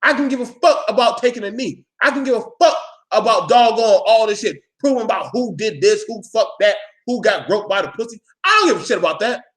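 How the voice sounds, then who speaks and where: A man's voice: high-pitched, animated, a little fast, fairly bright tone. A man talking straight to his viewers in a blunt, profane, preachy rant, calling out his audience and pressing his point hard. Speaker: vlogger addressing his viewers. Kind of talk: live ranting monologue.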